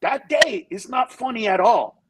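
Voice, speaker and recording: A comedian guest on a talk show, telling candid stories and acting out the people in them. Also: male voice, very high-pitched, a little slow, a little hiss or hum, low-quality recording. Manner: animated storyteller who acts out voices in quotes.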